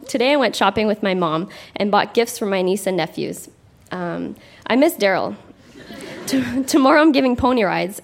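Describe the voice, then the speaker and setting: A young woman from Canada reading her childhood diary aloud on a live theatre stage, often laughing as she reads. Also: mid-range voice. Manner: amused, breaks into laughter often. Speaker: guest reader.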